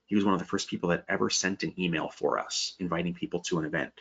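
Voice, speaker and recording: Fielding viewer questions during a live webinar sales pitch, this host chats in an upbeat way with a slight Pennsylvania Dutch accent. His deep voice is creaky, a bit bright, and breathy-edged, he talks fast, and the audio is dull and lo-fi.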